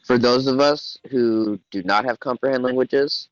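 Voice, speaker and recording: A man's voice: mid-range voice, moderate pace, no room sound. A man playing a tabletop game, asking questions in a casual, inquisitive way. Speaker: player. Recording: dry, dull lo-fi mic.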